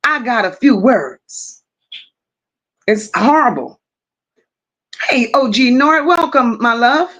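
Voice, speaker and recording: A woman's voice: on the high side, expressive, takes it slowly, pauses often, a bit bright. A woman hosting a casual livestream, greeting viewers and reading out their comments in a blunt, affectionate manner. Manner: affectionate, calls viewers "my love" and "boo". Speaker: livestream host.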